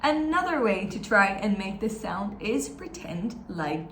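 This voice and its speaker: A woman's voice: medium pitch, sing-song, measured pace, fairly bright tone, reverberant, a little hiss or hum. A woman, a teacher giving an encouraging, step-by-step pronunciation lesson and having learners repeat after her. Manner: encouraging, demonstrates sounds and has learners repeat. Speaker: German language teacher.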